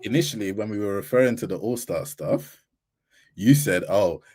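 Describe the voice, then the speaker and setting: A man's voice: lowish voice, moderate pace, darkish tone. A man co-hosting a casual sports debate, pressing his point and calling out a contradiction.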